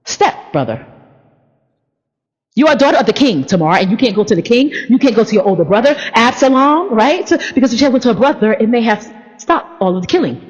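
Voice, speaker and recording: A woman preacher giving a sermon, playful and animated, with stammering restarts. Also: on the high side, fairly quick. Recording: dull, echoey hall recording.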